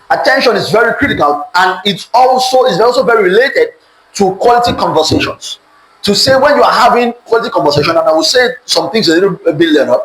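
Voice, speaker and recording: A Nigerian-accented man preaches a sermon-style lesson on relationships in a voice that sits high and a little bright. He works in call-and-response, asking his listeners to repeat key words back to him. The room is echoey, with faint noise in the background.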